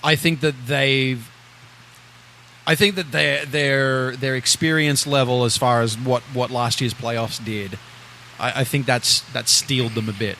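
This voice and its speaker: A man in a casual sports chat rambles through his point, restarting sentences over and over and poking fun at himself. His voice sits at an ordinary pitch. Faint hiss lies behind. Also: steady tone, pushed and bright. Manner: rambling, halting, self-mocking.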